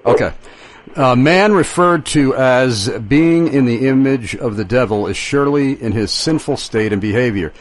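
A man's voice: medium pitch, normal speed. A man hosting a radio talk show and reading out listener questions. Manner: reads listener questions aloud, with fillers.

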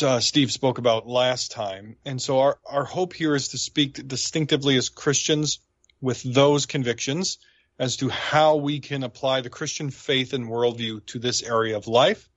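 A man's voice: medium pitch, steady tone, moderate pace, fairly bright tone, no room sound, lo-fi sound. A man, a pastor, is a guest on a talk program, explaining theology in an earnest, explanatory way.

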